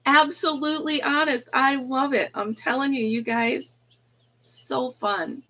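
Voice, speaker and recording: A woman with a somewhat high voice chats casually on a phone livestream from an indoor yarn room. She laughs easily and coos at baby chicks. Their faint cheeping sounds behind her. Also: fairly even intonation, measured pace, sharp tone, low-quality recording.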